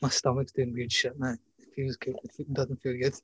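A man's voice: mid-range voice, flat delivery, moderate pace, slightly rough. A man hosting a podcast in casual chat, a joking, rambling storyteller who swears freely. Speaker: podcast host.

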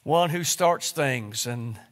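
A middle-aged man preaching a sermon, telling stories with repeated words and pauses. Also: mid-range voice, lively intonation. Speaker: pastor. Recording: long hall reverb.

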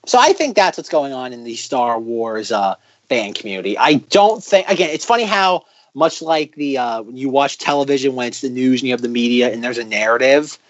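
A man's voice: mid-range voice, animated, a little fast. A man co-hosting a podcast, chatting casually and joking, rambling with many restarts. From United States. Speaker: podcast co-host. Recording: dull lo-fi audio.

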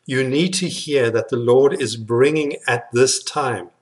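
A man's voice: mid-range voice, a little slow. Earnest male preacher giving a sermon. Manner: earnest, repetitive emphatic phrasing.

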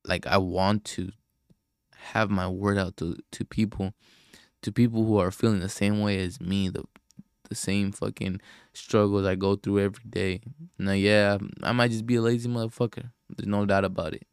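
A young man with a low, gravelly voice rambles through a solo podcast, casual, profane and quick to put himself down. The sound is close and dry. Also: level tone, no echo. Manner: rambling, profane, self-deprecating. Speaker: podcast host.

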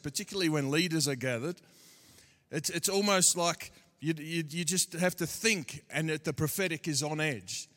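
A man's voice: on the high side, sharp tone. A man with an Australian accent preaching a sermon as a guest speaker, joking with the crowd between bursts of emphasis. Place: church hall. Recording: long reverb of a large hall.

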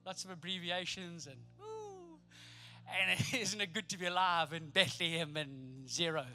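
A man preaching a sermon, animated and playful, acting out the people in his story. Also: sits high, a little slow, soft background music. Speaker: pastor.

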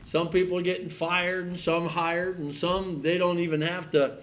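A man preaching a sermon, reading scripture aloud and stressing key words loudly, with frequent fillers and restarts. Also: high-pitched, flat delivery, moderate pace. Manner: fervent, rising to loud emphasis with frequent fillers and restarts; reads scripture aloud in King James wording.

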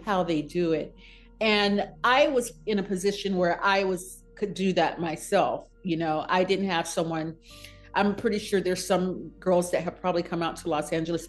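Woman interview guest, lively storyteller, laughs easily, faint music underneath. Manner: animated, laughs often, rises high when quoting.

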